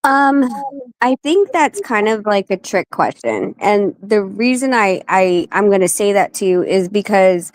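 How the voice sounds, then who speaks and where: A woman in her forties, a guest on an interview show, telling animated stories and acting out the people she quotes. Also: mid-range voice, a little slow, no room sound. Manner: animated, acts out quoted voices. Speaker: guest, wife and manager of a boxer. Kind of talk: casual interview storytelling.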